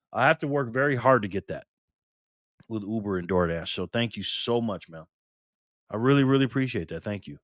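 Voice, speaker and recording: A man's voice: medium pitch, a bit bright, no echo, clean studio sound. Upbeat man greeting his livestream viewers. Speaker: livestream host.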